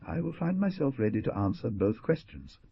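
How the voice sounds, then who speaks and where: A man's voice: mid-range voice, sing-song, moderate pace, vocal fry, slightly rough, no room sound, lo-fi sound, full character voice. A man voicing an earnest, compassionate young woman, with a raised, pleading delivery. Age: young adult.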